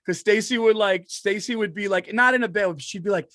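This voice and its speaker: A middle-aged man, a comedian co-hosting a podcast, telling stories in an excitable, profane way and laughing as he talks. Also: high-pitched, quick pace, no echo, studio quality. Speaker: stand-up comedian and podcast co-host. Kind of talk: casual podcast chat.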